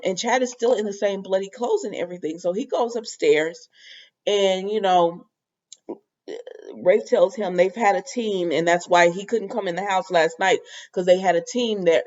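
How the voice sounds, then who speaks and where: A woman's voice: on the low side, normal speed, a little mellow, muffled recording. A woman giving a casual, rambling recap of a soap opera episode, with lots of fillers. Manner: chatty, rambling, filler-heavy retelling.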